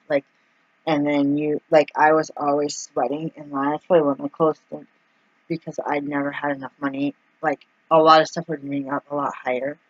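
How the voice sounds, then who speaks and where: A woman's voice: sits low, flat delivery, brisk, no echo, highs cut off. A woman telling a personal story in a casual vlog, chatty and full of fillers, acting out the people she quotes. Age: adult, mother of two young kids. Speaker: vlogger.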